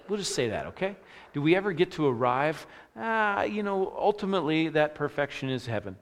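A man preaching a sermon as a pastor, telling a self-deprecating story with restarts and fillers before moving into scripture. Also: medium pitch. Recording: long hall reverb.

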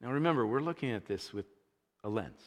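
A man preaching a sermon, telling a Bible story in a conversational, animated way. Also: mid-range voice, a little fast, in a large hall. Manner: animated storytelling, acting out scenes with rising energy. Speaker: pastor.

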